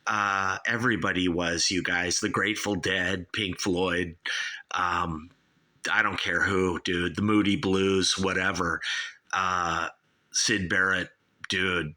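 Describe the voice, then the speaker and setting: A man's voice: low voice, fairly even intonation, slow, pushed and bright. A man, rambling casually through an album review and calling his listeners "you guys" and "dude". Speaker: album reviewer, show host.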